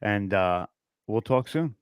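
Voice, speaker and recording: A man's voice: on the low side, expressive, takes it slowly, clear, resonant tone, no room sound, studio quality. A man hosting an online conference over a video call, chatty and effusive, often saying "you know". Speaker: conference host. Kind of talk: casual online conference chat. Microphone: video call mic.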